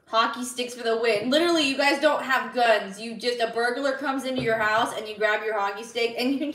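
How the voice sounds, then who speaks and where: Woman streamer, bright higher voice, giggly and chatty, roomy sound a bit off-mic. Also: fairly quick, hardly any pauses, distant mic. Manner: bubbly, giggly, reads chat messages aloud. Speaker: live streamer. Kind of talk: casual live-stream chat reading.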